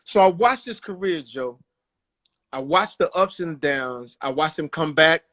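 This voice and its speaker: A man telling stories as a guest in a casual interview, animated and quick to slip into voices. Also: a little high. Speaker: guest, comedian and actor. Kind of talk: casual storytelling.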